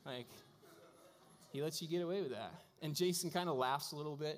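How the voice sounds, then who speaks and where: A man's voice: on the high side, a little fast. A man preaching a sermon as a pastor, telling stories in a casual way with lots of fillers. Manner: casual storytelling with frequent fillers. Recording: long hall reverb.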